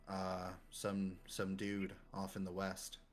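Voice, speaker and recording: A man's voice: low-pitched, monotone, slow pace. A man voicing a male librarian in a tabletop game, talking in an offhand, rambling way.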